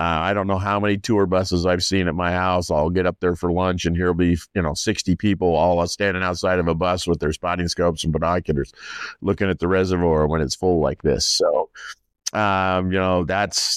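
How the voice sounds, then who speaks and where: A man's voice: sits low, fairly even intonation, moderate pace, clean tone, dry recording, studio quality. A man, a farmer, telling stories in a rambling, casual way and quoting people as he goes. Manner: rambling storyteller, many restarts and quoted dialogue. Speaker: farmer and landowner guest. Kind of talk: casual conversation.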